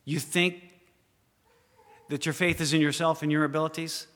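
A man preaching a dramatic sermon with a bright, forceful tone. He fires questions at his listeners and drops to a hush for effect. His voice rings with the long reverb of a large hall. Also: fairly high pitch, flat delivery, moderate pace. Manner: dramatic, questions the listeners directly, swings from loud to hushed.

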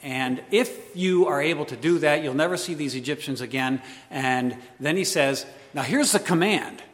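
A man preaching a sermon, animated, swinging between loud emphatic lines and hushed asides. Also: fairly high pitch, moderate pace. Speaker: pastor. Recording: long hall reverb.

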